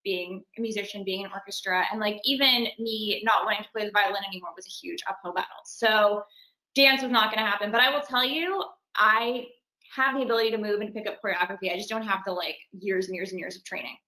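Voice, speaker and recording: A young woman talks about her acting life in a relaxed interview, lively and quick to laugh. Her voice is bright and forward. The room around her rings with echo. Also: medium pitch. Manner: chatty and animated, laughs while talking. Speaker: actress and singer. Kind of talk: casual interview.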